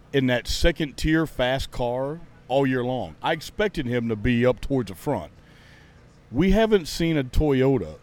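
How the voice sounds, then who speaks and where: A man's voice: medium pitch, darkish tone. A man, a podcast host and racing fan, ranting in a heated, sarcastic, profane way during a casual chat. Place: outdoors at a racetrack.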